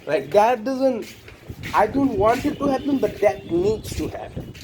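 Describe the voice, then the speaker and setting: High-voiced guy ranting about fights, blunt and sweary, faint noise in the background. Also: expressive, a little slow. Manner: blunt, profane, repetitive. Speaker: combat sports commentator. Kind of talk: casual opinion monologue.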